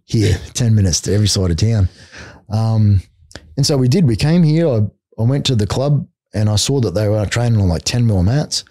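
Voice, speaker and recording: Middle-aged Australian man, podcast guest and coach, blunt and casual with a lowish, relaxed tone. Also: moderate pace, no echo, clean studio sound. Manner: blunt, swears freely, peppers speech with "mate" and "like". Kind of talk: casual storytelling chat.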